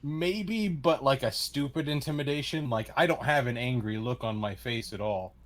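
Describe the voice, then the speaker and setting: A man's voice: mid-range voice, moderate pace. A man playing a tabletop game, talking casually and hesitantly with stammers. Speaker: player. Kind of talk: casual tabletop role-play.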